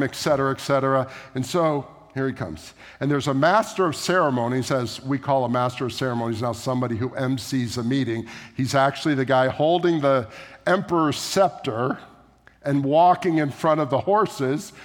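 A man preaching a sermon in a church, telling a story in a conversational way. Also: mid-range voice. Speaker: pastor. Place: church sanctuary. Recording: echoey church hall.

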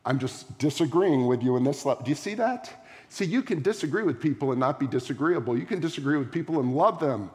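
A man's voice: on the high side, animated, brisk. Male pastor preaching in a reverberant hall. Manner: emphatic, repetitive preaching cadence with big swings in loudness. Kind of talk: sermon. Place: large room before a congregation.

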